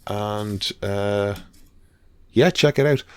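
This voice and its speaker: A man's voice: fairly low pitch, extremely slow, smooth, no room sound, clean studio sound. A man co-hosting a podcast, chatting casually about films, rambling with lots of fillers and restarts. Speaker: podcast co-host. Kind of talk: casual chat.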